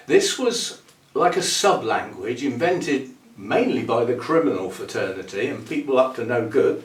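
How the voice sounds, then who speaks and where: A man's voice: fairly high pitch, reverberant, far from the mic. A man from the UK hosting a channel, chatting casually and playfully and chuckling at his own wordplay. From United Kingdom. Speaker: orchid channel host. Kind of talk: casual rambling chat to camera.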